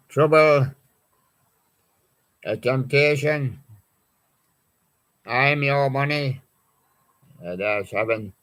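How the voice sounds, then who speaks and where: A man's voice: mid-range voice, a bit bright. A man hosting a live music show, chatting in a rambling way and reading out song titles from his records. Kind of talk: live-stream chat presenting records.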